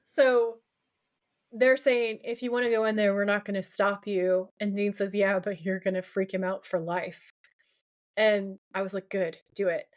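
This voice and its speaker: A woman's voice: medium pitch, steady tone, moderate pace. A woman co-hosting a podcast, retelling a TV episode in casual chat, quoting lines and ranting along the way. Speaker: podcast co-host.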